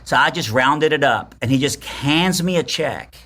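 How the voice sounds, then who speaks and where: A man's voice: a little high, normal speed. A man in his forties telling a personal story on a podcast, acting out the voices of the people in it. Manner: animated storyteller, acts out quotes. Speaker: podcast guest. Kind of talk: storytelling in casual chat.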